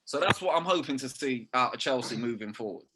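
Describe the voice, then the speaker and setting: A man's voice: mid-range voice, expressive, brisk, noisy background. A young man, talking football in a casual podcast chat, full of slang and swearing. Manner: slangy, swearing, keeps saying "bruv". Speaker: podcast co-host.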